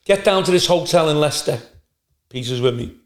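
A male stand-up comedian telling profane, animated anecdotes in a casual podcast chat. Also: on the high side, fairly quick. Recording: roomy echo.

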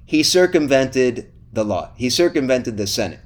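A man hosting a history podcast, telling the story in a lively, playful way and teasing his co-host. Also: mid-range voice, normal speed. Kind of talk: casual history podcast chat.

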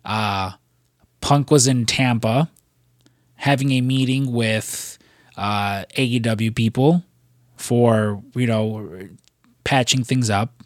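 A man's voice: medium pitch, slow, long pauses, no echo, clean studio sound. A man co-hosting a casual podcast, talking in a rambling way with lots of fillers and casual swearing. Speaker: podcast co-host.

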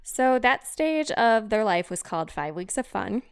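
A woman's voice: medium pitch, sing-song, unhurried, clear, resonant tone. A woman hosting a podcast, telling a story in casual chat, rambling with lots of fillers and self-conscious asides. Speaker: podcast host.

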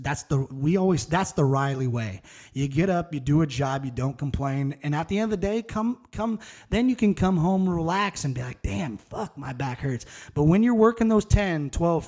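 A man's voice: mid-range voice, darkish tone. A man in his thirties hosting a solo podcast, talking in a candid, rambling, profane and casual way. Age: 30s. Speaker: podcast host.

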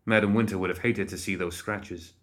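A man's voice: on the low side, steady tone, fairly quick, natural voice. A man reading the lines of an anxious one-eyed young man who sounds worried and pleading.

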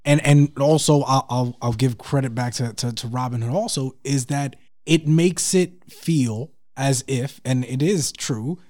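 A man's voice: mid-range voice, a little slow, hardly any pauses, mellow. A man co-hosting a podcast in casual chat, earnest, restarting his sentences while he builds an argument. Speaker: podcast co-host.

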